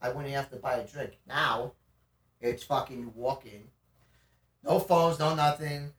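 A man's voice: medium pitch, a little slow. A man in his twenties telling a wild story in casual podcast chat, swearing freely and laughing as he goes. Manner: animated, profane, laughs through his story. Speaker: podcast guest. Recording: roomy sound from a distant mic.

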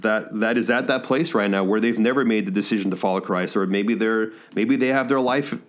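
Middle-aged male pastor, podcast talk, earnest, halting, lots of restarts. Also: fairly low pitch. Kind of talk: podcast talk to small-group leaders.

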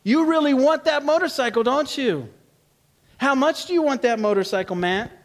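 A man's voice: extremely high pitch, moderate pace, voice pushed up. A man playing God as a playful, chummy buddy who teases a churchgoer. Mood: teasing. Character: God as a teasing male buddy.

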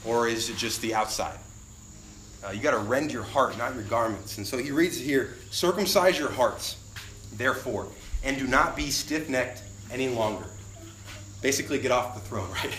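A young adult man preaching a sermon as a pastor, animated and acting out the voices of people he quotes. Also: medium pitch, normal speed, a little hiss or hum. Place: church sanctuary. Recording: roomy church recording.

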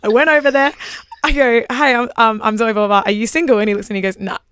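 A woman's voice: fairly high pitch, steady tone, fast talker, fairly bright tone, smooth, dry recording, clean studio sound. A young woman, a podcast co-host telling stories in casual chat, giggly and swearing freely.

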